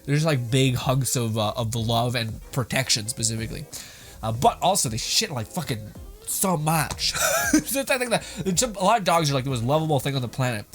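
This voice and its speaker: A man's voice: medium pitch, animated, fairly quick, soft background music. A young man hosting, giving casual, rambling reaction commentary with frequent laughter and plenty of swearing. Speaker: host reacting to videos.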